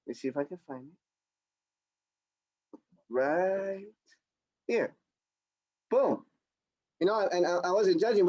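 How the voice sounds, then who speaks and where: A man giving an energetic, repetitive sales training demo on a video call. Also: on the high side, lo-fi sound. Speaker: product demonstrator. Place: home or office on a video call.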